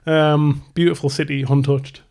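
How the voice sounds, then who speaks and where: A man's voice: a little high, level tone, normal speed, a little mellow. A man, co-hosting a podcast in crude, joking casual chat. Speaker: podcast co-host.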